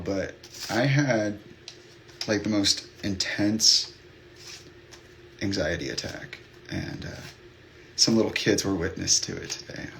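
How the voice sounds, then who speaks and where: A man's voice: fairly low pitch, gravelly, fairly bright tone. A man hosting a livestream, chatting openly with his viewers in a rambling way full of fillers and restarts. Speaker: livestream host. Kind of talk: candid chat with live viewers.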